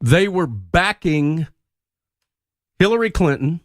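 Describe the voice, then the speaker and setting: A man's voice: a little high, expressive, slow pace, dry recording, clean studio sound. A man co-hosting a political talk radio show, blunt and joking in a folksy way. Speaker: co-host.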